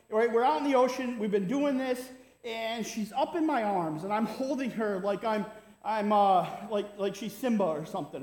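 A man delivers a sermon as if telling a funny story to friends, with a high voice. He keeps checking in with the congregation and leans on quick tags. The sound rings around a large, echoey church hall. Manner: conversational, keeps asking "right?". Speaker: pastor. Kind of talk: sermon with a humorous personal story. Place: church sanctuary.

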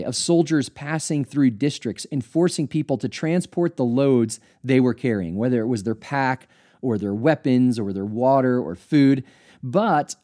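Male teacher-pastor, mellow low-brightness voice, earnest and explanatory, uses rhetorical questions. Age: adult, studied at seminary. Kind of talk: teaching talk on scripture.

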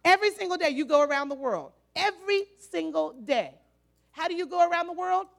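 Woman preacher, very high and raspy-edged, emphatic sermon delivery with shouted calls to action. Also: expressive, brisk. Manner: emphatic, repetitive, breaks into shouted exhortations.

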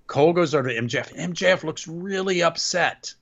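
A man co-hosting a wrestling podcast, recapping a match in an excitable, animated casual chat. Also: on the high side, fairly quick, vocal fry. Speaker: podcast co-host. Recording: dull lo-fi sound.

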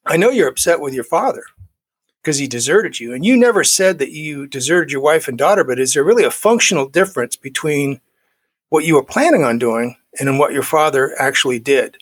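A man's voice: a little high, animated, a little fast, breathy edge. A middle-aged man in his forties, a guest telling a personal recovery story, acting out the dialogue he quotes.

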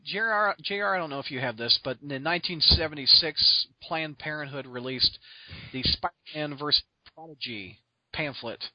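A man hosting a podcast, telling stories in an excitable, rambling way full of restarts and laughs. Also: a little high, no echo, dull audio. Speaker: podcast host. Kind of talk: casual storytelling chat.

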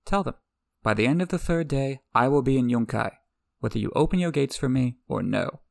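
Casting: man voicing a young queen, imperious, lively rise and fall, gravelly edge. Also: medium pitch, fairly quick, no echo, studio quality. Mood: commanding. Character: young commanding female queen, cool and proud.

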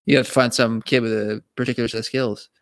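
A man co-hosting a casual podcast discussion, animated and talking in quick restarts and repeated words. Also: mid-range voice, vocal fry, smooth, dry recording, clean studio sound. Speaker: podcast co-host.

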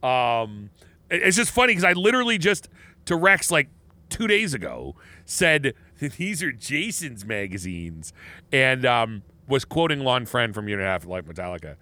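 Bright-voiced rambling podcast co-host, a man. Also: medium pitch, very animated, moderate pace. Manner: rambling, with many false starts. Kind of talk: casual chat.

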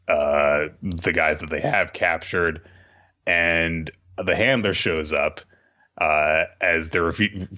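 Man, lowish bright voice, rambling casual recap, slightly muffled sound. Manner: rambling storyteller, lots of fillers. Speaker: podcast host.

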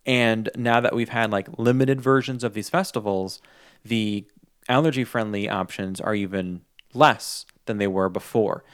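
A man's voice: fairly low pitch, a little slow, fairly bright tone, smooth, no room sound, clean studio sound. A young adult man co-hosting a podcast in casual chat, enthusiastic and rambling as he tells stories. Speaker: podcast co-host.

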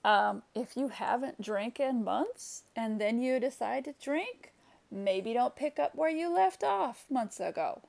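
A woman speaking to camera about her own experiences, candid and reflective. She talks slowly, with many fillers and restarts, and her voice has a gravelly edge. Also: a little high, animated, darkish tone. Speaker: vlogger. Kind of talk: personal storytelling monologue.

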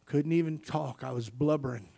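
A man delivers a sermon in a voice pitched a little above the usual for men. He tells his testimony softly and slowly, then climbs into loud, driving preaching, dropping "amen" after nearly every phrase. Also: gravelly. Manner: testimony that swells from hushed to loud emphatic preaching; punctuates with frequent "amen".

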